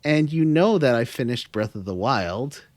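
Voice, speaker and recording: Male podcast host, casual rambler, mid-pitched, dry close mic. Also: lively intonation, moderate pace, darkish tone, no echo. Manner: rambling, self-deprecating, trails off with fillers. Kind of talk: casual gaming podcast chat.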